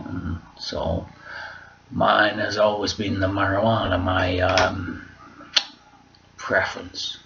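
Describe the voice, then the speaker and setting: A man's voice: sits low, vocal fry, slight background noise. A man talking to camera in a casual, rambling vlog monologue, off the cuff and sweary. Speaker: vlogger. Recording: muffled lo-fi recording.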